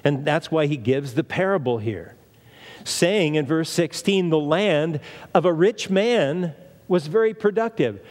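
Delivering a sermon at a measured pace, a male preacher with a fairly high, darkish-toned voice is expressive and emphatic, repeating phrases and asking rhetorical questions to drive his points home. A long reverb makes it sound as though his voice fills a large hall.

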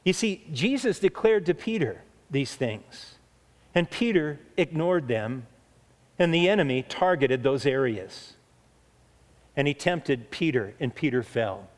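Male preacher, earnest sermon, slightly high voice, long hall reverb. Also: animated. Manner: earnest, emphatic, slows down for key points.

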